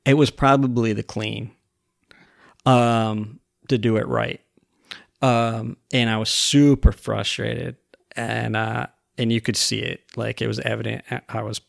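A man talks as a podcast guest with a gravelly, fry-edged voice. His speech rambles through plenty of fillers while he retells conversations in other people's words. The sound is close and dry. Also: on the low side, flat delivery, unhurried, dry recording. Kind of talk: casual conversation.

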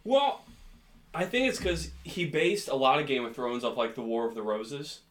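A man's voice: mid-range voice, moderate pace. A man co-hosting a casual podcast chat, joking and laughing often. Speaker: podcast co-host.

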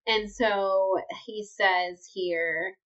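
A woman, co-hosting a casual book-club podcast, gushing and excitable as she recaps chapters. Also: mid-range voice, very slow. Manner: excitable, gushing, breaks into laughter. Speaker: podcast co-host. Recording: slightly dull lo-fi audio.

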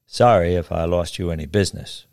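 A man voicing a calm, proud businessman from out of town who speaks in short, measured lines. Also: low voice, vocal fry, dry recording, studio quality.

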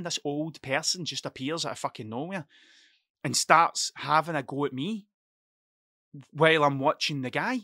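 A Scottish man hosts a casual podcast monologue from his computer desk at home, rambling, swearing freely and telling animated stories. His voice is a little high, with studio quality and no echo.

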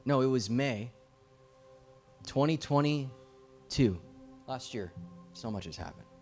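Man, middle-aged, guest preacher, fervent sermon, urgent, swings from loud to quiet. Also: mid-range voice, expressive, takes it slowly, soft background music. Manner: fervent, urgent, rising and falling in volume.

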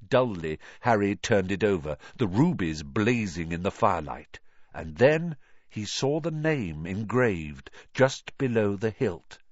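A man narrating an audiobook in an expressive, dramatic way, on a dull lo-fi recording. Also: fairly low pitch, no room sound.

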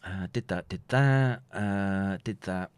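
A man with an English accent rambles through a livestream at a very unhurried pace, pausing to read out viewer comments and chuckling between remarks. His voice sits somewhat low, and it is recorded close and dry with almost no room sound. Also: clear, resonant tone, no echo. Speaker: livestream host reading chat. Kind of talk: casual livestream chat.

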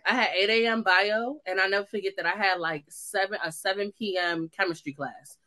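A woman's voice: medium pitch, a little fast. Young woman from the us, casual chat cohost, tells stories with a lot of energy, does little voices for people. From United States. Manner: animated storyteller, acts out quoted dialogue. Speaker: co-host.

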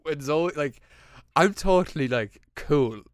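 A man's voice: a little high, slow, no echo. Young man, dry close mic. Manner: animated, swearing, acts out texts. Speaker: podcast host. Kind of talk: casual chat.

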